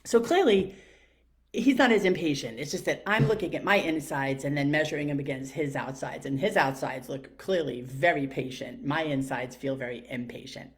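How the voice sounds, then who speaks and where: A middle-aged woman with a New York accent delivers a reflective monologue, telling a story packed with fillers and questions she poses to herself. Her voice is low, and she speaks at a normal speed.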